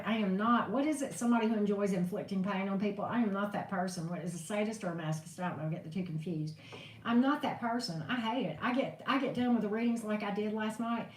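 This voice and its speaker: A woman reading tarot on a live stream, venting in a blunt, profane way. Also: mid-range voice. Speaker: tarot reader. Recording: echoey room, distant mic, faint noise.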